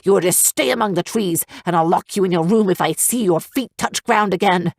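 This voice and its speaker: A woman's voice: lowish voice, fairly quick, no room sound, studio quality. Woman voicing a stern griffin father. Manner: forceful, commanding.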